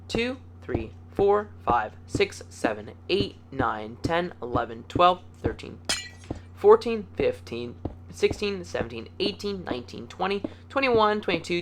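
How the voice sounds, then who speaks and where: Bright, chatty man counting blocks aloud. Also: a little high, slight background noise. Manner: upbeat and chatty, playful words, easygoing. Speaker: video game tutorial host. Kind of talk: casual game tutorial commentary, counting blocks aloud.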